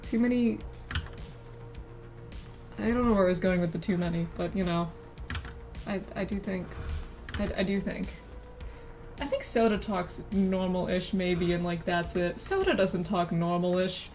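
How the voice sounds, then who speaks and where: A woman's voice: fairly low pitch, unhurried, pauses often, darkish tone, faint music behind. A woman streaming as a VTuber, chatting casually in a rambling way that keeps interrupting itself with giggly asides. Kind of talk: casual live-stream chat while drawing.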